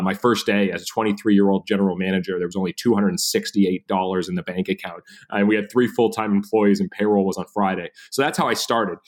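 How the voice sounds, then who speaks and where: Man, thirties, podcast guest, quick talker, slightly low voice, lively storytelling. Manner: animated, acts out quoted dialogue. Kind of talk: casual interview storytelling.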